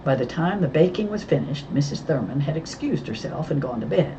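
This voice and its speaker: A woman narrating a storybook as an audiobook reader, with an expressive, clear reading. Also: low voice, a little fast, muffled recording, noisy background.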